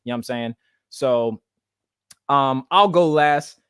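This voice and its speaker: A man hosting a podcast in casual panel chat over a video call, animated and slangy, often asking "you know what I'm saying". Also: medium pitch, slow, clear, resonant tone, no echo, clean studio sound. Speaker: podcast host.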